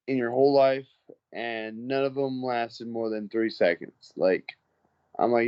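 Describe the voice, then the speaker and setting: A man's voice: medium pitch, normal speed, clean tone, muffled recording. A man, a heavyweight fighter, telling casual stories in an interview, swearing freely and acting out the people he quotes. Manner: animated storyteller, profane, acts out the people he quotes.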